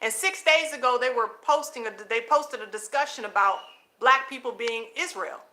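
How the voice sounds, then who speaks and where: A high-voiced woman with a bright, forceful tone preaches to her viewers from home at night. She calls them family, repeats phrases for emphasis and laughs often between points. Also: moderate pace, slight background noise. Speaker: host of her own channel. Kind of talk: casual preaching monologue to viewers. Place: home at night, children nearby.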